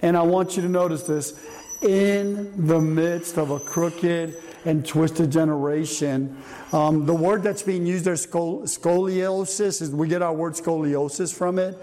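A man's voice: fairly high pitch, fairly even intonation, a little slow, mellow. An older man preaching a sermon in a conversational way, often asking the congregation questions. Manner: conversational, asks the room questions. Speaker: pastor. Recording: long reverb in a hall, faint noise.

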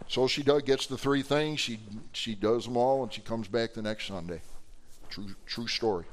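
A man preaching a sermon, telling stories animatedly and rising to loud emphasis. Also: mid-range voice, moderate pace.

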